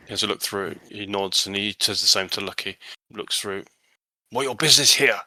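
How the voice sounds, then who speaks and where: A man's voice: sits low, monotone, brisk, sharp tone, no echo. A man narrating a tabletop horror game as game master, hesitant and full of restarts.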